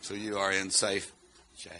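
A man preaching a sermon in church, moving between joking chat and chanted shouting punctuated by amens. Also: deep voice, monotone, moderate pace, slight background noise. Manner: chanting, swelling to shouts, answering "amen" after phrases; chatty and joking in quieter stretches.

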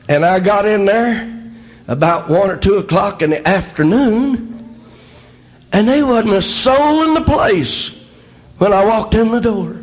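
Older man preaching, high and lively voice with wide swings, slow delivery, peppered with amens. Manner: frequent amens, swings from low talk to shouting. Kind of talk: sermon.

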